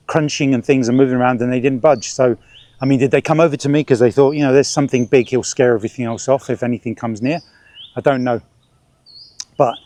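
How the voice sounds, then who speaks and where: A man's voice: medium pitch, darkish tone, no echo. Chatty man birding outdoors, dry sound. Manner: rambling, chatty, stop-start. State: sweating, swatting ants and bugs. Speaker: birdwatching vlogger. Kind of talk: casual outdoor vlog narration. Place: outdoors in a city park.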